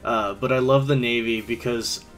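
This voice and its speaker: A man's voice: mid-range voice, steady tone, normal speed, a bit bright, faint music behind. A man streaming a game, rambling in casual commentary and laughing often.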